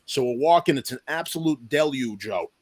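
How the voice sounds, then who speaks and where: A man's voice: medium pitch, animated, normal speed, darkish tone. A man in his forties telling a long personal story in an interview, acting out the voices of the people in it. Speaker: deputy police chief, podcast guest.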